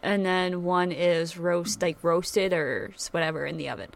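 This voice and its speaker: A woman's voice: lowish voice, normal speed, gravelly, no room sound. A woman co-hosting a podcast in casual, teasing chat. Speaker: podcast co-host.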